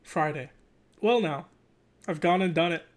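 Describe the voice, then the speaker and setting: A relaxed amateur reader works through a children's novel in one unedited take. The pitch sits in the middle range. The reader restarts stumbled words and drops into offhand comments between passages. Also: a little slow. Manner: breaks off for joking asides and self-corrections. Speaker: channel host reading aloud. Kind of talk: casual, unedited read-aloud of a children's book.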